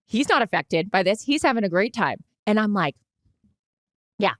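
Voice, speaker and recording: A woman's voice: medium pitch, normal speed, no room sound. Woman podcast co-host, forties, dramatic storyteller, dry close sound. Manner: animated, dramatic retelling with swearing. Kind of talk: casual storytelling chat.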